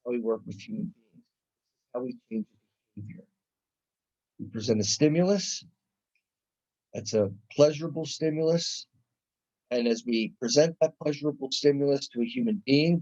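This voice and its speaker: A man's voice: mid-range voice, darkish tone. A middle-aged man giving a conversational college psychology lecture, often restarting his sentences and acting out examples. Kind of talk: classroom lecture. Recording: dull lo-fi lecture recording.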